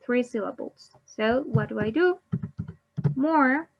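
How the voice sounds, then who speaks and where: Woman english teacher, very slow and deliberate, bit high voice, dull lo-fi sound. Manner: repeats each word, then gives the Spanish. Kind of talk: slow bilingual grammar lesson.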